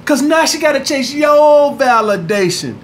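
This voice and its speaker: High-voiced, blunt, profane man. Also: expressive, a little slow, a little hiss or hum. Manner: blunt and profane, keeps asking "all right?". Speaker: dating coach. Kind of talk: casual vlog monologue.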